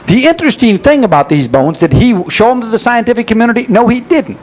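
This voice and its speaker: A man's voice: extremely high pitch, lively intonation, fast, darkish tone, highs cut off. A man giving a folksy, sarcastic church lecture, full of rhetorical questions, on an old 1970s tape. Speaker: speaker.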